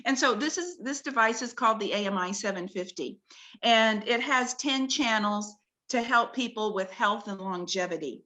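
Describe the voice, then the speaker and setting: Bright-voiced woman explaining with wonder. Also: a little high, moderate pace. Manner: earnest, wonder-filled explaining. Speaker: guest presenting her research. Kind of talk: explanatory talk-show conversation with slides.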